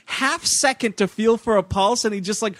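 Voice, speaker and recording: A man chatting casually about a bad movie, animated, acting out scenes in quoted voices and swearing freely. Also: high-pitched, moderate pace, no room sound. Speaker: podcast co-host. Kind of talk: casual chat reviewing a movie.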